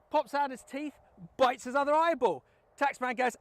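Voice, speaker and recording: High-voiced chatty man. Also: fairly quick, dry recording. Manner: chatty, enthusiastic, frequent "fantastic". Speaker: recruitment firm host. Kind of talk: casual video blog with a told joke.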